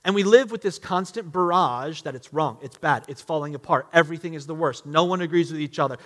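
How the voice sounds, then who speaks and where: A man preaching a sermon as a pastor, emphatic, swinging between loud outbursts and hushed, quiet lines. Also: on the high side, a little fast. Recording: long reverb of a large hall.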